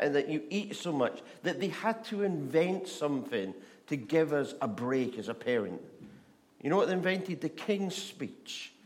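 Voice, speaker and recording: A man from Scotland, preaching a chatty sermon full of stories and questions to the audience. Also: on the high side. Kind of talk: sermon with humorous storytelling.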